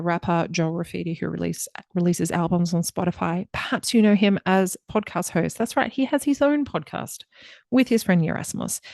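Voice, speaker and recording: A woman's voice: fairly low pitch, darkish tone, dry recording, studio quality. A woman hosting a podcast, introducing her guest in a chatty, enthusiastic way. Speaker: podcast host.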